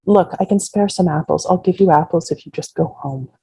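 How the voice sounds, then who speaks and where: Woman voicing a teen farm girl, curt and distracted, husky, gravelly. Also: fairly low pitch, a little fast, mellow, no echo, poor audio. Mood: frustrated. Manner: clipped, distracted. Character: frustrated teenage farm girl.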